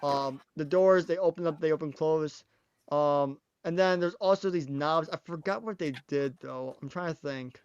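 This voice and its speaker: A man hosting a casual podcast chat, excitable and tripping over his words with frequent restarts. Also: a little high, normal speed, smooth, dry recording, muffled recording. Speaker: podcast host.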